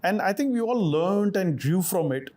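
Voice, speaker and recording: Middle-aged chef, thoughtful and hesitant. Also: male voice, high-pitched, animated, moderate pace, a little mellow. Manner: thoughtful, frequent fillers and restarts. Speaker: chef, interview guest. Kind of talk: conversational interview answers.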